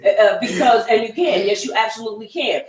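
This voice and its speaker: Higher-voiced woman teaching a Bible class in an echoey room. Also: quick pace, recorded from a distance. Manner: conversational, folksy, repeats herself and acts out quoted voices. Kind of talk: Bible study lesson.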